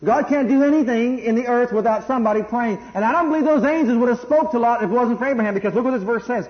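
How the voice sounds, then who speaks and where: High-pitched middle-aged preacher guy, animated, acts out voices, dull lo-fi sound. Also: fast talker. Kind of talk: sermon.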